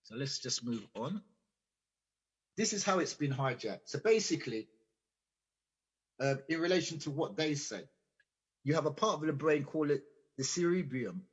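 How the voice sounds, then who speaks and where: A man's voice: on the high side, normal speed, pauses often, breathy edge. A man giving an earnest, explanatory guest talk on a radio show, often repeating and restarting words. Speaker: invited guest speaker. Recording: dull lo-fi audio.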